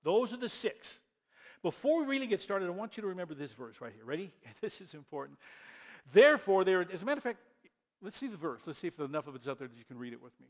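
A man preaching a sermon in a church, lively and repeating key lines as he leads the congregation in reading aloud. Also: high voice, fast talker, highs cut off. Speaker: pastor.

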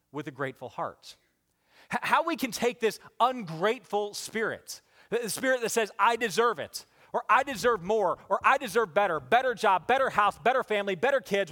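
A male pastor with a high voice delivers a lively sermon. He builds to emphatic, loud peaks and then drops to soft, low, reflective passages. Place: church sanctuary with congregation.

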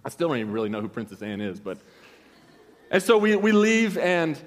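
A man's voice: fairly high pitch, very animated, fairly quick, big-room sound. A young man preaching, telling a story in a loose, slangy way with many restarts. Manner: casual, rambling, with slangy asides and many restarts. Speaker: pastor. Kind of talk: storytelling sermon.

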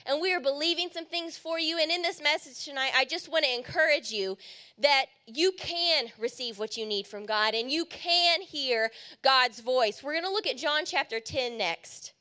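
A woman's voice: high voice, moderate pace, pushed and bright. A woman youth leader giving an earnest, encouraging sermon to young people. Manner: earnest and encouraging, rising emphatic phrases.

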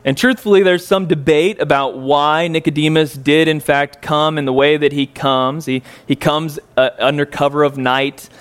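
Brief: male pastor, slightly high voice, relaxed folksy sermon delivery with joking asides. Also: moderate pace, few pauses, clear, resonant tone. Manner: folksy, joking asides, frequent ums and uhs. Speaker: preacher. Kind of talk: conversational sermon.

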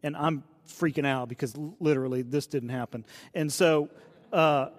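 Male pastor, late 30s, chatty storytelling sermon, voice a touch high, hall reverb. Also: fairly even intonation, normal speed. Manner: conversational storytelling, asks the audience questions.

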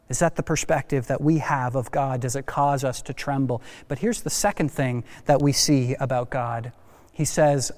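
A male pastor preaching a sermon, asking rhetorical questions and building to animated emphasis, in a church sanctuary. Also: mid-range voice, normal speed. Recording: long hall reverb.

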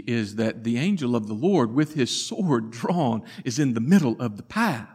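A man preaching a sermon, telling the story dramatically and swinging from loud to hushed. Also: a little high. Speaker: pastor.

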